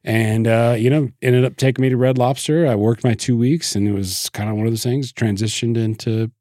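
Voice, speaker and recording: A man's voice: mid-range voice, steady tone, fairly quick, mellow, no room sound, clean studio sound. A man hosting a podcast, telling a story in loose, profane casual chat with lots of restarts. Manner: profane, rambling, with many restarts. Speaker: podcast host.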